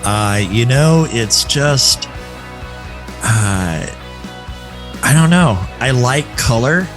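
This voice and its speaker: A man from Texas hosting a conversational podcast, talking in a measured, reflective way with easygoing fillers. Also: medium pitch, expressive, over music. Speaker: podcast host and coach.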